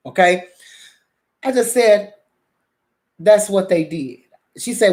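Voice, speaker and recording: Profane animated woman telling a story. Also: medium pitch, takes it slowly, long pauses. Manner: animated, profane, acts out quotes. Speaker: drama vlogger. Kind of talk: casual storytelling to viewers.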